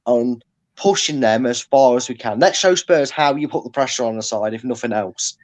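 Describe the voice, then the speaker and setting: A man's voice: mid-range voice, normal speed. A man joining a casual football fan podcast as a guest, easygoing and chiming in with short agreeing replies. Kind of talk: casual post-match podcast chat.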